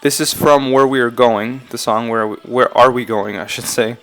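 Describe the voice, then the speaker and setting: A man's voice: medium pitch, steady tone, normal speed, a bit bright. A man casually talking through song lyrics line by line in a vlog, rambling, correcting himself and often saying he's not sure. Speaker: YouTuber analyzing game song lyrics.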